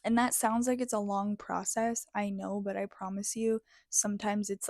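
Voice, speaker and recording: A woman giving a reflective, motivational self-help talk in an earnest, heartfelt way, pausing often between phrases. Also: medium pitch, little pitch movement, a little mellow, no echo, clean studio sound. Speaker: spiritual self-help speaker.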